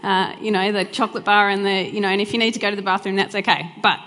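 A woman's voice: medium pitch, level tone, quick pace, a bit bright. A woman preacher, praying and giving a church sermon with a fervent, heartfelt delivery and chatty asides. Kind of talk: live church sermon with prayer. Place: church hall during a live service. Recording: long hall reverb, faint music.

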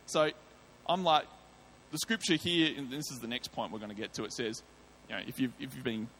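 A man with an Australian accent preaching a sermon, telling a personal testimony in a lively way and acting out his own thoughts and lines. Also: medium pitch, a little fast, slight background noise.

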